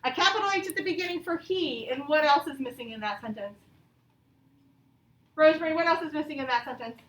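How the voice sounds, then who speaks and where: A woman teaching a grammar lesson to young pupils, patient and encouraging, reading example sentences out slowly. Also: high-pitched, fairly bright tone. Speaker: elementary school teacher. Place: classroom, also streamed to pupils at home. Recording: echoey classroom from far off.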